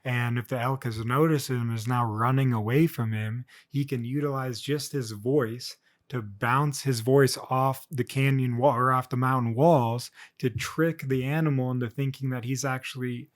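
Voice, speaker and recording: Young male vlogger, casual unscripted monologue, mid-pitched, lots of filler words and restarts. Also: fairly even intonation, moderate pace, hardly any pauses. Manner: rambling, many fillers and restarts.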